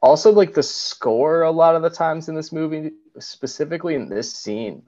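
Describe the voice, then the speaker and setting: A man's voice: fairly high pitch, animated, normal speed, a little mellow, highs cut off. A young man co-hosting a podcast, recapping a film scene in a rambling way full of "like"s. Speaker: podcast co-host. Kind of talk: casual film chat.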